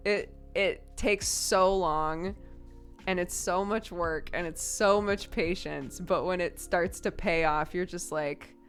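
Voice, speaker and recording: Woman streamer in her thirties, slightly low voice, frank and chatty, swears easily, quick to laugh, soft music underneath. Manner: candid and frank, swears casually, laughs often. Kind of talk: casual chat.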